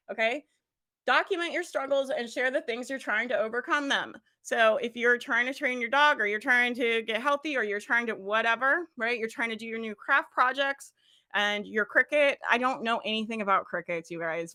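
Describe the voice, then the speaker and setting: A woman giving an energetic motivational coaching talk as a business coach, laughing often and addressing listeners directly. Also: a little high.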